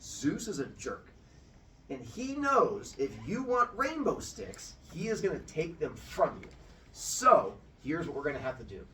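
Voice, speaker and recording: A man's voice: a little high, sing-song, unhurried, sharp tone, a little hiss or hum, full character voice. A man voicing an exasperated, scheming male god who patiently explains things to foolish humans. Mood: explaining. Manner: impatient, explaining to fools. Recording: from far off in a room.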